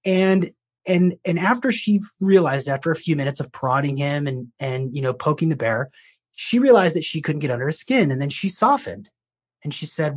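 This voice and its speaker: A man's voice: fairly high pitch, moderate pace. A man, a life coach, talking as a podcast guest and telling a long story in a loose, rambling way with frequent restarts. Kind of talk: conversational storytelling.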